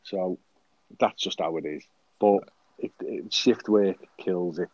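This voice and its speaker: A man's voice: low voice, slow, a little mellow, breathy edge, no echo, dull audio. A man co-hosting a casual podcast, telling stories in a sweary, jokey way. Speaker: podcast co-host.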